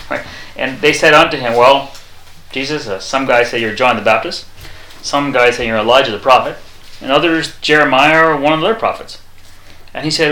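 A man preaching a sermon, reading scripture aloud and acting out the quoted lines in a lively way. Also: normal speed, reverberant, a little hiss or hum, poor audio. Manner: animated, acts out quoted lines with rising pitch; reads scripture aloud in King James wording.

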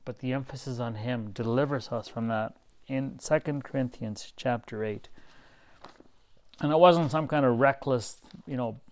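Man preaching, reading scripture aloud. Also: mid-range voice. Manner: reads verses then muses aloud with rhetorical questions and chuckles. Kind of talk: informal sermon with scripture reading.

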